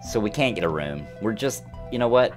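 A man casually commentating while he plays a video game, excitable and talking to himself as he reads the game text aloud. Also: fairly low pitch, brisk, over music. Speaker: streamer playing a video game.

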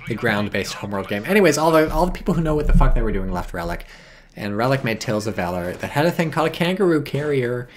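A man streams a strategy game, reading chat messages aloud as he gives rambling, profane, sardonic commentary. He talks fast at medium pitch with a sing-song delivery, in a casual live-stream style.

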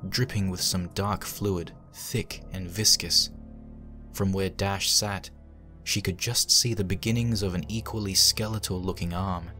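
Low male horror reader, hushed, faint music underneath. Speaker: fanfic reader. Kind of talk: dramatic horror narration.

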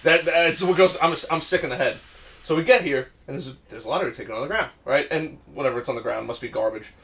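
A man's voice: medium pitch, fairly bright tone. A man hosting a podcast, telling long rambling stories in casual chat and checking in with "right?" as he goes. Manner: rambling, quick, peppers talk with "right?". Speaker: podcast host.

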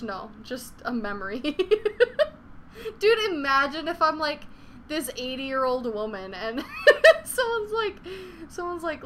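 A woman's voice: high voice, very animated, measured pace, a bit bright, a little hiss or hum. A young woman chatting casually on a live gaming stream, swearing freely and venting frustration between laughs. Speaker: game streamer.

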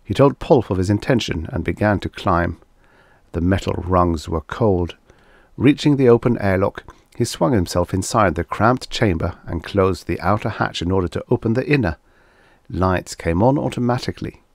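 Deep voiced guy reading an old sci-fi story, measured and even, dry close sound. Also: no room sound. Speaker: audiobook narrator. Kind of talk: scripted story narration.

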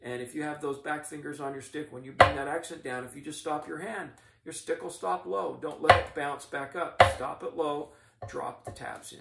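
Drumline instructor in an echoey room. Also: male voice, a little high, fairly even intonation, normal speed, vocal fry, very noisy. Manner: methodical, encouraging coaching. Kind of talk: instructional demonstration. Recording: echoey room, mic at a distance.

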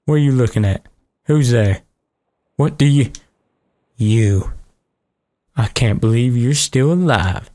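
A man's voice: mid-range voice, animated, slow, pauses often, dark tone. A man giving joking, profane let's play commentary as host of a gaming video. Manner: joking, profane, reacting aloud.

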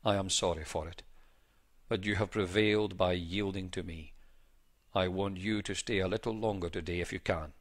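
Man reading a gravely ill young Irishman, proud and earnest, low voice, formal storybook phrasing. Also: steady tone, moderate pace.

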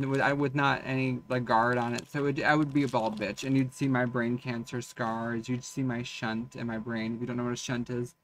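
A young man talking to his camera at home in a casual confessional vlog, candid, profane and self-mocking, swinging between loud outbursts and quiet murmurs. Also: medium pitch, slight background noise. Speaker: vlogger and streamer.

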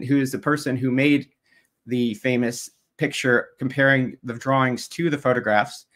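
A man with a medium-pitched, slightly bright voice gives the opening statement in a debate. He works methodically through prepared slides and takes pointed jabs at his opponent.

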